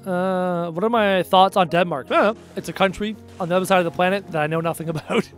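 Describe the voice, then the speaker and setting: High-voiced blunt young man streaming. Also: fast talker, soft background music. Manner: blunt, emphatic, repeats phrases for punch. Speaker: streamer answering chat. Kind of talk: casual live-stream chat.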